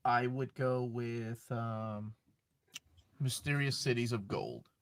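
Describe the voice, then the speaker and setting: A man hosting a casual talk show about comic books, speaking with enthusiasm and breaking into excited exclamations. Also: medium pitch, slow, gravelly. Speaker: show host.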